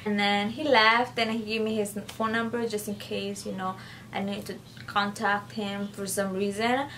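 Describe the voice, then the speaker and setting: A woman's voice: medium pitch, level tone, moderate pace, a bit bright, recorded from a distance. A woman vlogger telling a personal story in a chatty, casual way, addressing viewers as "guys" and filling her speech with "like" and "you know.". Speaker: YouTuber. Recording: voice a bit off-mic, faint background noise.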